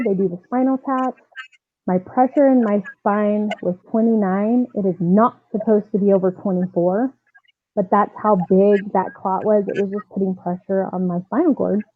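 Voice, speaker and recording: A woman softball coach telling her own story as a guest, lively and acting out the voices of people she quotes. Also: medium pitch, no echo. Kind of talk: personal storytelling in an interview. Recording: tinny phone-line sound, dry.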